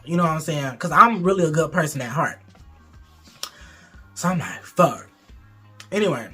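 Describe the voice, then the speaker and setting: A man's voice: a little high, a bit bright. Candid, profane young man telling a storytime. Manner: candid, profane, rambling with many fillers. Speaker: vlogger. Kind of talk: casual storytime.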